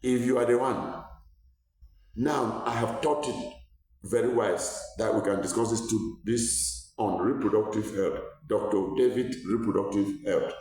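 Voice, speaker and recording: A man's voice: fairly low pitch, unhurried, darkish tone, recorded from a distance. Earnest man in an echoey room. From Cameroon. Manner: earnest, repeats words when searching, rises when stressing a point. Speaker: doctor and health educator. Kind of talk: health talk to viewers.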